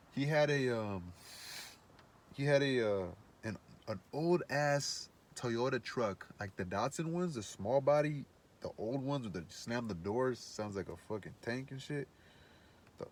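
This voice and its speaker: A man telling a long personal story in casual speech, rambling and profane, with many fillers and restarts. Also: mid-range voice.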